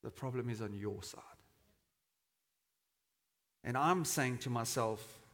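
A man's voice: mid-range voice, slow pace. A man preaching a sermon in a church hall, talking conversationally and acting out the quotes in a raised voice. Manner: conversational, dramatizes quotes with shouting. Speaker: pastor. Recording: long reverb of a church hall.

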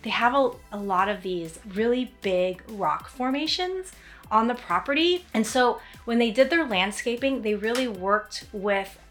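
A woman's voice: a little high, animated, unhurried, faint music behind. A woman hosting an author commentary segment, chatting casually and enthusiastically. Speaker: author and host. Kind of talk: casual chat.

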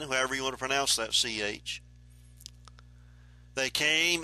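A man teaching the Bible verse by verse in an unhurried, explanatory way, reading passages aloud and then commenting on them. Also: mid-range voice, bright, forceful tone, no room sound.

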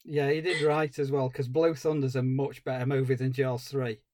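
A man co-hosting a podcast, giving an animated, exasperated film review with dry humour. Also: mid-range voice, normal speed, dry recording. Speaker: podcast co-host. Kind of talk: casual film review chat.

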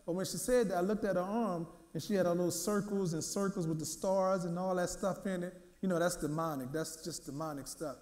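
A male minister preaching a sermon, telling a personal testimony in a lively way and repeating his words as he goes. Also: sits high, a little fast, few pauses, roomy sound. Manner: lively storytelling, repeats words, acts out quotes.

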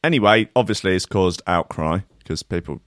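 A man's voice: sits low, normal speed, no echo, studio quality. A man hosting a show, reading out a news story and mocking it with sarcastic, swearing asides. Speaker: radio show host. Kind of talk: casual comedic news chat.

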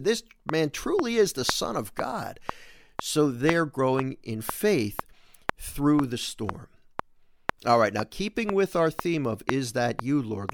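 A male host giving an earnest, animated Catholic talk on scripture, voicing the quoted lines with extra lift. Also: mid-range voice, background noise.

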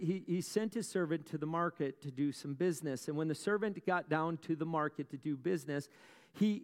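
His somewhat high voice, darkish in tone, echoes at length through a large church hall as this pastor delivers a sermon. He relies on storytelling with dramatic pauses, rhetorical questions, and dry asides aimed at the congregation.

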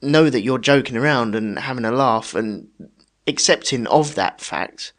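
A man's voice: mid-range voice, measured pace, fairly bright tone. A man co-hosting a podcast, speaking in an easygoing way and tagging questions onto his points. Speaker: podcast co-host. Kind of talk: casual podcast chat.

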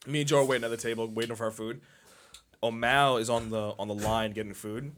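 A man co-hosting a podcast who tells an excitable story in casual chat and swears freely. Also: medium pitch, quick pace, slight background noise. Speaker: podcast co-host.

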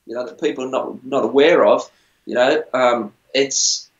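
A middle-aged musician from a TV singing show speaks in a mid-range voice with fairly even intonation and a moderate pace. During a casual interview he rambles through stories in a chatty, self-deprecating way. The sound is roomy, dull and lo-fi.

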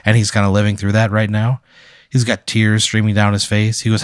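A man's voice: fairly low pitch, flat delivery, brisk, clear, resonant tone, no echo, studio quality. A man hosting and narrating an improvised second-person story, talking casually and ramblingly with lots of fillers. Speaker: host narrating a hypothetical.

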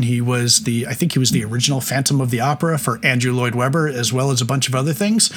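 A man's voice: on the high side, a bit bright, slight background noise. A man in his forties co-hosting a casual movie podcast, chatty and wry, laughing often as he talks. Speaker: podcast co-host. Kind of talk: casual film discussion.

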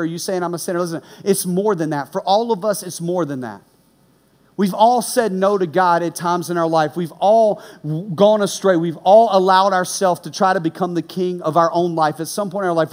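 A man preaching a sermon in a high, lively voice. He tells stories with animated energy, shouting the punchlines, then drops low and quiet to make his serious points. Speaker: pastor. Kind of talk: sermon with personal story.

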